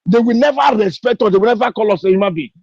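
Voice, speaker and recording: A man's voice: sits high, fast, a little mellow, no echo. A man with a Nigerian English accent gives an impassioned speech on an online call, piling up repeated rhetorical questions. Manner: repetitive rhetorical questions, fiery. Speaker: participant in an online discussion. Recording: dull lo-fi online call audio.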